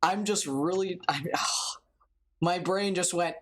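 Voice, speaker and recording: A let's play streamer chatting through a game and reading its dialogue aloud, animated and self-mocking, with a voice strained from yelling. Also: medium pitch, takes it slowly, low-quality recording.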